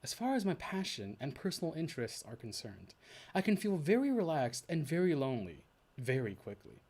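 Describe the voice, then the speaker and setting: This VTuber chats by himself on stream at a fairly quick clip. His talk wanders as he thinks aloud, full of restarts and self-corrections, and it moves between mumbled lows and excited, high-pitched bursts.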